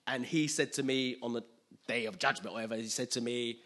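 A man preaching in a loose, conversational sermon, often checking that listeners follow along. His voice is husky but forceful and bright. He laughs often as he talks. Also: mid-range voice, fairly even intonation, fairly quick.

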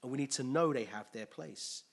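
A man preaching a sermon with animated, emphatic delivery and call-and-response. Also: medium pitch, moderate pace, vocal fry, husky.

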